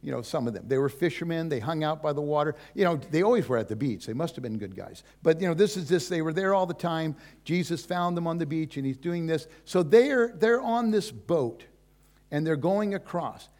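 Older guy pastor giving a sermon, chatty and folksy, kinda high voice, lots of "you know". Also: quick pace, few pauses, a little mellow. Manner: folksy, conversational, lots of asides.

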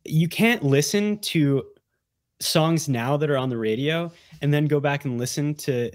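A man's voice: a little high, unhurried, no echo, studio quality. A man as a podcast guest, chatting casually and rambling with many fillers and restarts. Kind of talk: casual chat.

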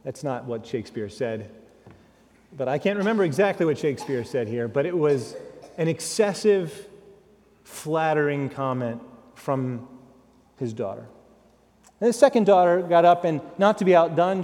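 A man's voice: on the high side, a little mellow. A man preaching a sermon as a dramatic storyteller who acts out the lines of the people he describes. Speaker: guest preacher. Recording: long hall reverb.

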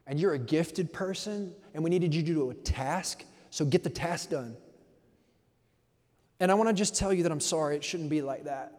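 A man's voice: a little high, a little mellow, big-room sound. A man pastor preaching a conversational sermon, telling stories in a playful way.

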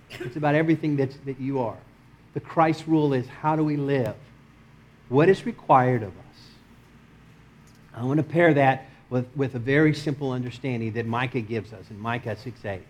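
A middle-aged pastor with a Texas accent, preaching a sermon in an animated way, swinging between loud emphasis and soft asides and chuckling often. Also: male voice, medium pitch. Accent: Texan.

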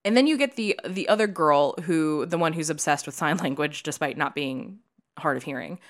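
A woman co-hosting a podcast, chatting casually about a movie, animated and swearing, with lots of "like" fillers. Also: low-pitched, normal speed. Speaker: podcast co-host. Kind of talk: casual chat reviewing a movie.

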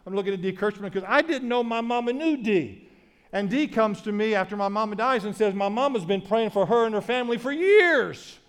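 Middle-aged male pastor, high-pitched, emphatic repetitive preaching. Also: animated, brisk. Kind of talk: sermon.

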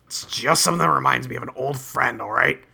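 A man's voice: mid-range voice, fast talker, vocal fry, bright, forceful tone, breathy edge, exaggerated voice. A man voicing an irritable, exasperated teenage troll boy while reading game dialogue. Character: grumpy shouty teen troll boy.

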